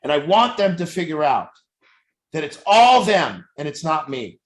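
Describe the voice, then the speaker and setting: An addiction recovery coach talks bluntly and intensely about truth in families, swearing often in a profane, preachy motivational talk. His voice is on the high side, very animated, and unhurried.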